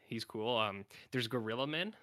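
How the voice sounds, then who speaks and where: A man's voice: medium pitch, lively intonation, normal speed, fairly bright tone, no room sound. A man from Canada co-hosting a podcast in casual, rambling chat, full of "like" and filler. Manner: rambling, filler-heavy, acts out silly voices. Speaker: podcast co-host.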